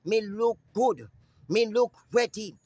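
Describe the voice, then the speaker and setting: A man's voice: takes it slowly, darkish tone, dry recording. Brash profane Jamaican man. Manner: brash, profane, repetitive, with sudden high-pitched calls. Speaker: vlogger. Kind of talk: profane casual vlog rant. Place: outdoors in the sun.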